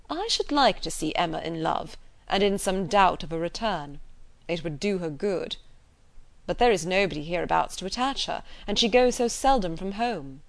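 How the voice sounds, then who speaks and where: A woman reading the part of a grave, frank middle-aged gentleman in an audiobook, in a firm, measured way. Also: lowish voice.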